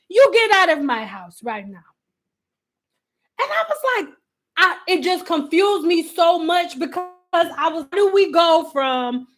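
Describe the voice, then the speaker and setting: A young woman with a high voice tells a salon story to her viewers. She talks in an animated, casual way, with plenty of fillers and swearing. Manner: animated, profane, full of fillers. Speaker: hair stylist.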